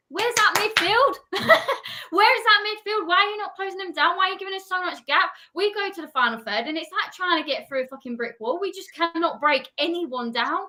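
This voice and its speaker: Woman ranting about footy, high bright voice, swears a lot. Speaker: football fan pundit. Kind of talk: heated casual chat.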